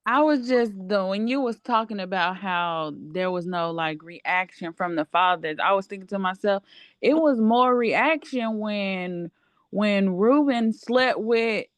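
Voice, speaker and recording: A woman with a slightly high voice speaks slowly and reflectively in a casual Bible study discussion. Her voice sounds dry and close. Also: no echo.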